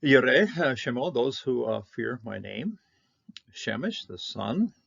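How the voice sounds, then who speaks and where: A man who grew up in Canada, teaching Hebrew Bible words in an informal lesson, halting with many fillers and sounding out the Hebrew slowly. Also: medium pitch, very animated, vocal fry, a bit bright, husky, lo-fi sound.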